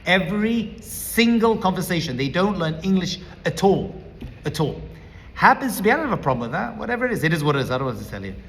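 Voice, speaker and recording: A man's voice: high-pitched, big pitch swings, quick pace, fairly bright tone, long reverb tail. A man speaking as a rabbi, giving an emphatic teaching talk that he lays out point by point. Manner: emphatic, lecturing, builds points as a numbered list.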